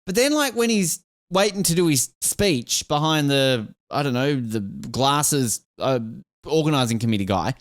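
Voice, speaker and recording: This is a man hosting a podcast in a loose, irreverent manner, with a voice of middling pitch that swings up and down a lot. He sounds close and dry on the mic, with no room echo. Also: unhurried. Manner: lively, irreverent, swears casually. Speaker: podcast host. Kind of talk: casual podcast chat.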